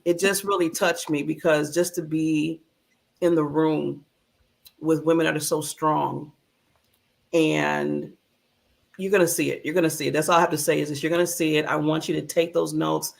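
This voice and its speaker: Upbeat, emotional female host with a gravelly edge. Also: sits low, level tone, moderate pace. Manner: bubbly, laughs often, emotional. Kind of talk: lively talk show hosting.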